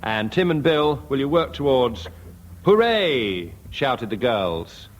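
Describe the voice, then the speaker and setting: A man chairing a radio comedy panel game, announcing rounds in a dry, deadpan way. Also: mid-range voice, slow, muffled recording. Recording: noisy archive radio recording.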